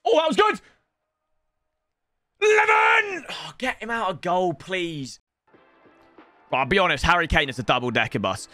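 A young man commentating live on his football video game, excitable and jokey, often shouting at the play. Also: sits high, moderate pace, long pauses, loud music behind the voice. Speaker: gaming streamer.

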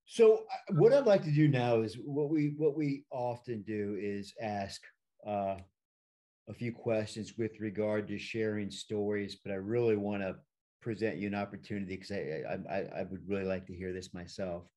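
A male interviewer with a fairly low voice puts his questions to a guest. He hesitates and restarts often, feeling his way toward the words. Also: normal speed, warm tone.

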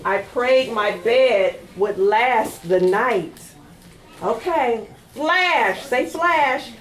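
Slow, sing-song woman reading to kids. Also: on the high side. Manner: sing-song, animated, coaxing kids to join in. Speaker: children's librarian. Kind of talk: storytime read-aloud. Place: library storytime room. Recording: echoey room.

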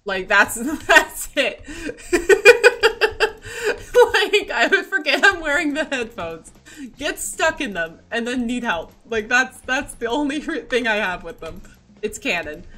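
Giggly woman streamer, bright voice with a lot of swing, faint music behind. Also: a little high, sing-song, slow. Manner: playful, giggly, reads chat aloud. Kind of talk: casual livestream chat.

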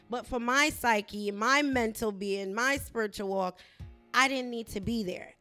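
A middle-aged woman hosting a Christian talk show, animated as she tells a personal faith story. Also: on the high side. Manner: animated storytelling, rising loud when reenacting herself.

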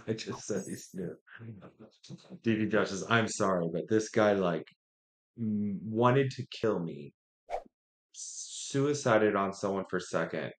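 A man streaming a strategy game, thinking out loud, muttering to himself and trash-talking opponents. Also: fairly low pitch, slow pace, slight background noise. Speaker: gaming streamer. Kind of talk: live gameplay commentary.

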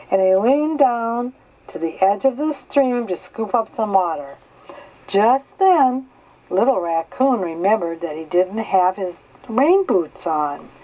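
Grandmotherly storybook reader, slow and gentle, slightly dull lo-fi recording. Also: medium pitch. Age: older. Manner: slow, gentle, clear reading. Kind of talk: children's story read aloud.

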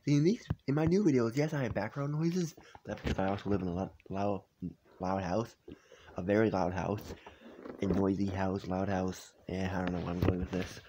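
A young man reacting to his own old videos in a hushed, half-whispered voice, incredulous and amused. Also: deep voice, steady tone, moderate pace, noisy background. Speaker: YouTuber. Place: home at night.

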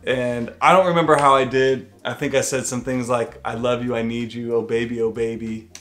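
A man's voice: mid-range voice, fairly even intonation, moderate pace, fairly bright tone. A young man in casual chat with his wife, telling their story in a joking, teasing way.

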